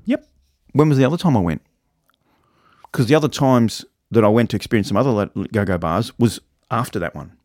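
A man's voice: on the low side, expressive, brisk, darkish tone, no room sound, studio quality. A man, telling a travel story in casual chat as podcast co-host, rambling and acting out the voices of people he quotes.

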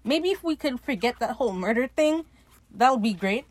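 A giddy, clueless gentleman pirate captain, as a woman puts him on while retelling a scene. The voice jumps high and bubbles with excitement. It sounds dry and close. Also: normal speed, no echo.

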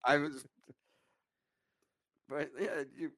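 A man's voice: fairly high pitch, fairly even intonation, drawn-out words, fairly bright tone, dry recording. A man co-hosting a podcast, telling profane, joking stories in casual chat. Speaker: podcast co-host.

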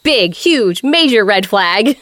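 A woman's voice: medium pitch, expressive, slow, a bit bright, dry recording. A woman co-hosting a podcast, telling a story in a chatty, wry way. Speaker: podcast co-host. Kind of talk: casual storytelling chat.

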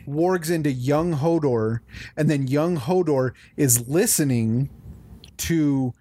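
A man with a somewhat raised pitch tells stories with lively energy. He often circles back and repeats his words as he talks, keeping a casual chat going as a co-host. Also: slow pace, no room sound. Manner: animated storyteller, repeats himself. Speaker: podcast co-host.

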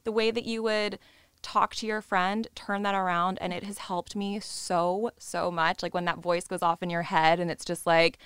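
A woman's voice: fairly low pitch, normal speed, smooth, dry recording, studio quality. Candid, swearing young woman chatting. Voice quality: candid, swears freely, lively quoting. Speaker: podcast guest. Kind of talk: casual chat.

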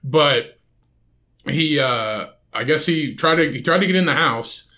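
A man's voice: on the high side, measured pace, sharp tone. A man hosting a solo podcast, rambling casually with constant swearing. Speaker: podcast host.

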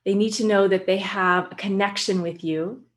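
A woman guest who works with children, explaining her work in an animated way and telling stories. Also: medium pitch, moderate pace. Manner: animated storyteller, acts out quotes. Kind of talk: conversational explanation with anecdotes.

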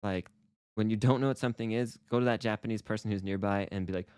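A man's voice: lowish voice, steady tone, fast, darkish tone, smooth, dry recording, studio quality. A man co-hosting a casual Japanese lesson podcast, explaining in a playful, upbeat way. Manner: upbeat, playful explaining with acted example phrases. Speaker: co-host teaching Japanese.

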